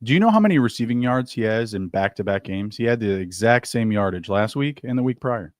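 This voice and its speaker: A man co-hosting a sports betting show, laying out player props and teasing his co-host in quick banter. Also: fairly low pitch, lively intonation, a little mellow, dry recording, studio quality. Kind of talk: casual sports betting chat.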